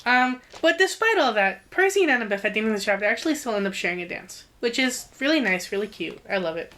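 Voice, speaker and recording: A woman's voice: fairly high pitch, a little hiss or hum. Woman co-host recapping a plot, casual. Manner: rapid, profane plot recap with animated asides. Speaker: podcast co-host. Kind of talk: casual book-discussion chat.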